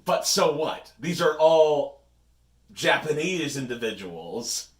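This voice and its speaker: A man's voice: on the high side, sing-song, slow, reverberant. A man co-hosting a podcast, chatting casually with wry, rambling asides. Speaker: podcast co-host. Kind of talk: casual chat.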